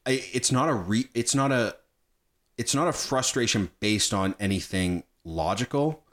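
A man's voice: medium pitch, normal speed, fairly bright tone. A man in a casual chat about a film, talking with animation, swearing freely and acting out quotes as he retells scenes.

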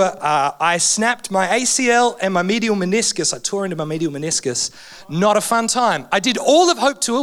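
Aussie guy preaching in church, highish voice, funny and emotional, voice swinging up and down. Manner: animated, humorous, emotional preaching with big pitch swings. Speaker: guest preacher. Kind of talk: sermon. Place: church hall.

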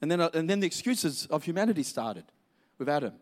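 A man's voice: fairly high pitch, big pitch swings, quick pace. A man preaching a sermon in an emphatic, repetitive way, drawing out key words.

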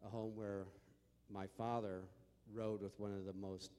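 A man from the American Midwest giving a personal testimony in an earnest, measured way. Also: on the low side, little pitch movement, mellow, clean tone. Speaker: guest sharing testimony. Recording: echoey hall with long reverb.

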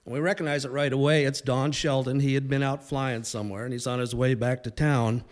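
A man in his sixties telling a humorous story live to an audience, conversational with pauses and restarts. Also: mid-range voice, fairly even intonation.

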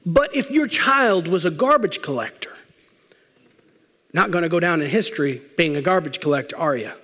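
High-voiced preacher in an echoing hall. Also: male voice, lively intonation, fairly bright tone. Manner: emphatic, with repeated lists and slowed words for stress. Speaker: pastor. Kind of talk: sermon. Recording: long reverb of a large hall.

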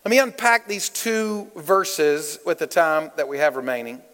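In a church, a guest speaker gives a lively, interactive sermon, playfully questioning the congregation, drawing responses, and using a Southern "y'all." His voice is a little high, animated, and fairly bright at a measured pace, with a big-room sound.

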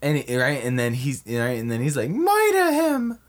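A man in comedic banter, pitching absurd movie ideas in an excitable, profane way and constantly asking "right?". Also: normal speed.

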